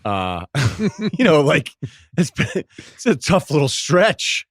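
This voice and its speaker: A man's voice: on the high side, sing-song, slow pace, dry recording, clean studio sound. A man talking as a podcast guest, analyzing sports in a wry, chatty way and laughing often. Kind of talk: casual sports talk.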